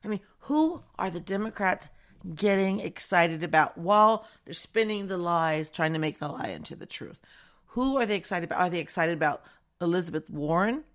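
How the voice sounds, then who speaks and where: A woman's voice: on the low side, sing-song, moderate pace. A woman from the United States hosting a casual political opinion monologue, chatty and sarcastic, laughing often. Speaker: political commentary host.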